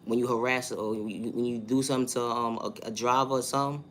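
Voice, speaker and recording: A man's voice: medium pitch, little pitch movement, fast, a bit bright, slight background noise. A man with a New York accent, talking through a monologue vlog in an emphatic, repetitive way and asking rhetorical questions.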